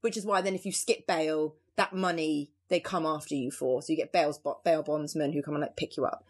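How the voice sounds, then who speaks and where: A woman, co-hosting a casual podcast, telling news stories in an animated, laughing way with casual swearing. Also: low voice, a little fast, slightly rough. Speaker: podcast co-host. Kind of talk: casual chat and news storytelling.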